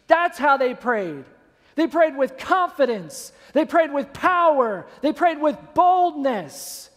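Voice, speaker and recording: High-voiced pastor preaching in a reverberant church. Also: male voice, slow pace. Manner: animated storytelling, acts out scenes. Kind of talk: sermon. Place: church sanctuary.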